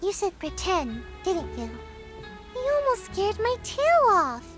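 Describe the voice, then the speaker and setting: A woman's voice: very high voice, sing-song, takes it slowly, over music, heavily acted. A woman voicing a timid, sleepy little girl ninja in a game, who sighs and yawns. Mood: flustered. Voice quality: drowsy, sighing, yawning.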